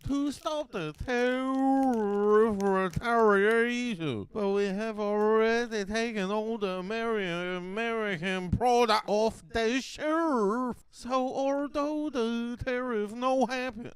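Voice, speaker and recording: Deadpan lady doing a comedy bit, a woman acting it, slightly high voice, dry close sound. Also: smooth, no room sound. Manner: dry, broken-English comic monologue. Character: deadpan Canadian woman commentator, Chinese-accented. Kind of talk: comedy sketch clip.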